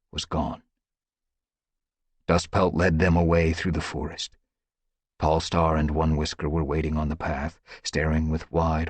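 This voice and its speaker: A man reading a dramatic audiobook story with expressive, dramatic storytelling. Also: low voice, breathy edge, no room sound. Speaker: audiobook narrator. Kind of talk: audiobook narration.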